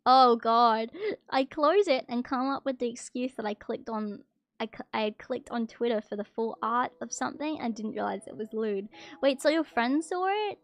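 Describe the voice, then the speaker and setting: High-voiced excitable woman streamer. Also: moderate pace. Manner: excitable, bursts into shrill gasps and protests. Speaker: VTuber streamer. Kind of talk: casual live-stream chat reading viewer confessions.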